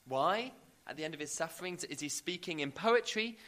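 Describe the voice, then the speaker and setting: Male preacher, bright slightly high voice, emphatic sermon delivery, some hesitant fillers. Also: animated, moderate pace. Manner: emphatic, builds with rising repeated questions.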